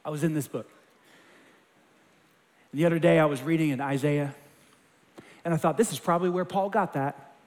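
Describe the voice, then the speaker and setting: A man preaching a sermon, impassioned and quoting scripture, with quick acted asides. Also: a little high, a little mellow. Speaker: pastor. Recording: long hall reverb.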